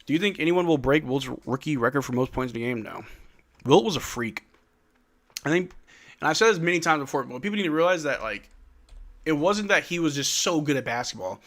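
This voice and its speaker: A man's voice: on the high side, lively intonation, a little fast, fairly bright tone. A man hosting a live stream watch-along, calling plays casually and chatting with viewers in a drowsy, slangy way. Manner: laid-back, slangy, reads chat questions aloud. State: drowsy, yawning. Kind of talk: casual play-by-play and chat reading.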